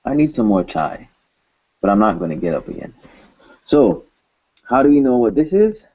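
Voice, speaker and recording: A man's voice: mid-range voice, sing-song, moderate pace, darkish tone, dull audio. A man teaching a recorded language lesson, patiently repeating words and adding joking asides.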